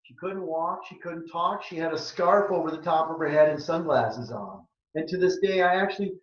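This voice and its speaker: A man's voice: on the high side, reverberant, muffled recording. A man in his sixties from southern Minnesota, a health practitioner giving an earnest, emphatic webinar talk that repeats its key points. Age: 60s. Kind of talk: presentation with a sales pitch.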